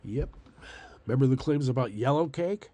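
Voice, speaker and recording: A man's voice: medium pitch, animated, moderate pace, warm tone. An older man ranting in a casual monologue, sarcastic and rambling, swearing and laughing at his own jokes. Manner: profane and angry.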